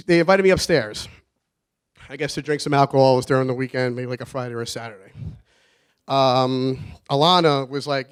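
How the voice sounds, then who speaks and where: A man's voice: on the high side, moderate pace, pauses often, smooth. A man giving a rambling, nervous wedding toast for his brother, laughing often. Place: wedding reception.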